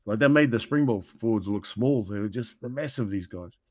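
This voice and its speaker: A man's voice: lowish voice, moderate pace, dry recording, clean studio sound. A man in his fifties with a New Zealand accent, telling rambling rugby-tour anecdotes as a podcast guest and calling everyone mate. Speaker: guest, former rugby player. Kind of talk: casual storytelling.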